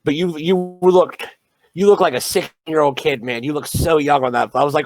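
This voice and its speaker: A man's voice: a little high, fairly even intonation, normal speed. A man hosting a casual interview, eager and stammering as he asks questions. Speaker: interviewer, podcast host.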